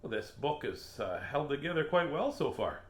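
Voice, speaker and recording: Reading kids' books aloud in a casual storytime, this playful host tosses in jokes and asides and chuckles at his own puns. He has a medium pitch, a sing-song delivery, and a moderate pace.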